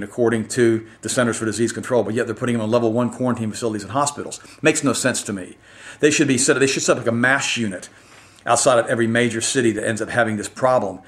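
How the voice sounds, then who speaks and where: A man delivering a direct-to-camera opinion monologue as a health commentator, emphatic and firing off rhetorical questions. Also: fairly low pitch.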